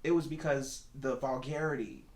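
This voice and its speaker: A man who grew up in North Carolina, a guest musician telling stories in a casual podcast chat, animated and laughing often. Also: mid-range voice, normal speed. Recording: echoey room.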